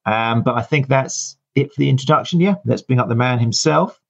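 A man's voice: mid-range voice, a little fast, vocal fry, lo-fi sound. A man hosting a podcast, introducing his guest in a chatty, rambling way with many fillers. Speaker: podcast host. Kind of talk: casual live-show introduction and interview.

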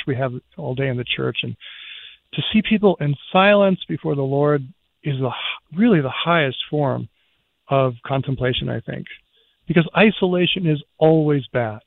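A man speaking as a priest guest on a radio talk show, earnest and reflective, with a gravelly voice. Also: medium pitch. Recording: tinny phone line.

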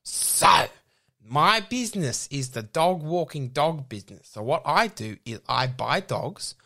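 A man playing a nervous young pitching a silly dog business, who rambles and keeps restarting. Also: expressive, measured pace, creaky, sharp tone, exaggerated voice. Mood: flustered. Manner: rambling, restarts again and again, flustered. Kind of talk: improvised comedy sketch.

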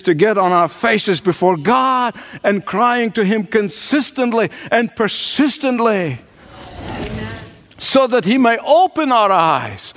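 High-voiced man preaching a sermon. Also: fairly bright tone. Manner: earnest, emphatic, often addresses listeners directly.

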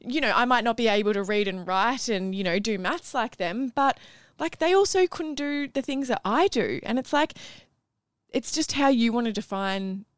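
A woman's voice: on the high side, lively intonation, moderate pace, clear, resonant tone, no echo. Earnest young Australian woman, dry close sound. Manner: earnest and encouraging, many fillers. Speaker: podcast co-host. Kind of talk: casual chat.

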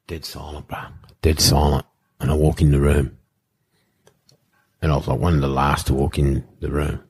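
A middle-aged Australian man telling animated anecdotes in a casual chat, acting out other people's lines and swearing casually. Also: rumbling low, moderate pace, breathy edge. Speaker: guest, former rugby league player. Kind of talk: casual storytelling in a podcast chat.

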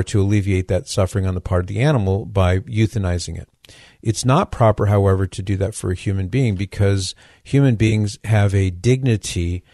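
A man hosting a radio call-in show who is losing his voice, answering a caller's question in a measured, explanatory way. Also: on the low side, darkish tone, no echo, studio quality.

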